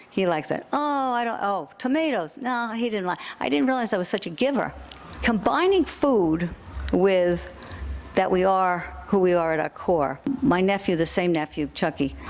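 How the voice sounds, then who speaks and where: An older woman with a Queens accent delivers a keynote that finds the humor in grief, her voice sitting a little low. She tells wry, self-deprecating stories and lands each punchline with a dry turn. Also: a little hiss or hum. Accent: New York (Queens). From Queens, New York. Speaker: keynote speaker. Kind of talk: comedic keynote speech. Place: convention hall stage.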